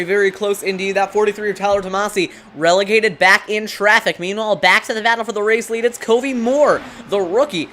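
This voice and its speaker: A lead commentator calling an online sim race play-by-play, briskly reeling off drivers, positions and track corners. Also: medium pitch, a bit bright, slight background noise.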